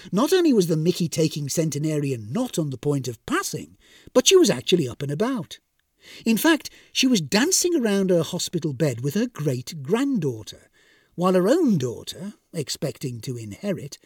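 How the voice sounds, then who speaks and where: Wry, lively male storyteller. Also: on the high side, breathy edge, dry recording, studio quality. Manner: wry, expressive comic narration. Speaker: narrator. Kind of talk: storybook reading.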